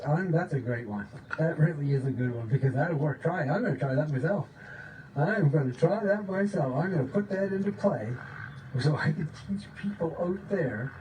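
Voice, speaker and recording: A man giving an informal, excited spiritual talk, often checking in with "okay?" and sometimes dropping to a low voice to demonstrate. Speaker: spiritual teacher. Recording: distant mic with faint background noise.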